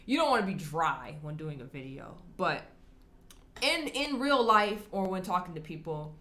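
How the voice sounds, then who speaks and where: This vlogger's voice is on the low side, and she talks at a normal pace while replying to viewer comments to camera. Chatty and candid, she laughs a lot and animatedly performs quoted people in changing voices.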